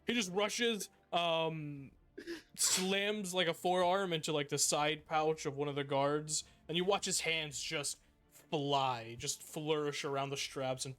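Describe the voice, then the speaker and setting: A man's voice: on the high side, unhurried, a bit bright. A man narrating a tabletop game as game master, casual and sweary, with music behind. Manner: casual, swearing, laughs often.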